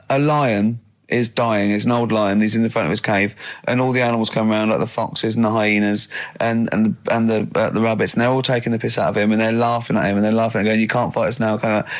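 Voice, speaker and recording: Chatty man hosting a radio show. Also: on the low side. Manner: chatty storyteller, breaks into laughter. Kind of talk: casual studio banter. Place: radio studio.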